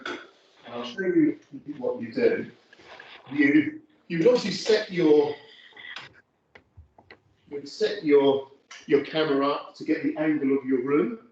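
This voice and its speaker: Give me a chatty photography lecturer, recorded from across an echoey studio. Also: male voice, medium pitch, darkish tone. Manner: chatty and rambling, many fillers. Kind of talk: casual studio demonstration to students. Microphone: phone camera from across the room. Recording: roomy, distant, dull audio with faint noise.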